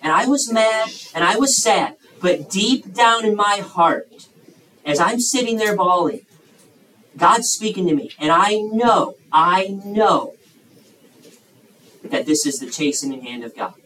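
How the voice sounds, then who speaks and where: Impassioned high-voiced man preaching. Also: animated, slow, distant mic, a little hiss or hum, poor audio. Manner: impassioned, swings between loud emphasis and hushed asides. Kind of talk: sermon to young people.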